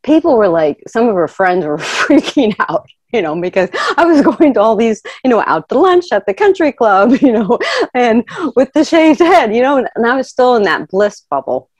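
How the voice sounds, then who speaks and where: A middle-aged woman telling a personal story in a lively way, laughing often and acting out the voices of the people in it. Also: on the high side, normal speed, no room sound. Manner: animated, laughs often, acts out quoted voices.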